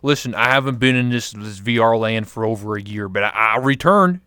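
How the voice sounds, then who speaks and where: A man voicing a loud, boisterous hillbilly man with a put-on Southern drawl who keeps calling everyone brother. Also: fairly low pitch, fairly quick, clean tone, no room sound, studio quality. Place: VR chat room.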